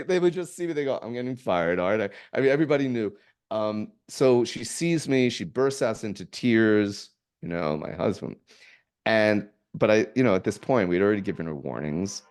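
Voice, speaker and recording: A middle-aged man, a podcast guest, telling stories in a rambling way with halting restarts and chuckles. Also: fairly low pitch, darkish tone. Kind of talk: casual storytelling.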